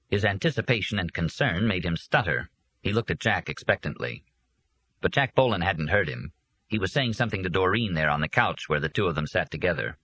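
A man reading a novel aloud as a narrator, with a steady, measured delivery. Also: deep voice, slightly rough, no echo. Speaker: audiobook narrator. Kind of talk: scripted narration.

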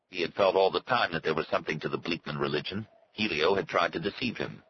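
Deep male narrator, steady measured audiobook read, muffled lo-fi sound. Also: slight background noise.

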